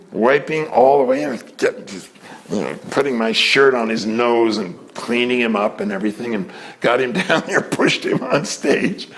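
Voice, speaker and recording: An older man in a casual storytelling talk, animated, often acting out the people in his stories. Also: medium pitch. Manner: animated, acts out voices in quotes.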